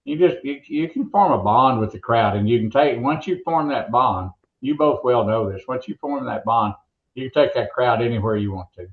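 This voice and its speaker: A man's voice: mid-range voice, lively intonation, normal speed, narrow, tinny audio. An older man with an Oklahoma accent, a former announcer telling stories and jokes in a folksy, rambling way. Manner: folksy, rambling joke-teller. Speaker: guest, former monster truck announcer. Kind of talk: casual interview storytelling.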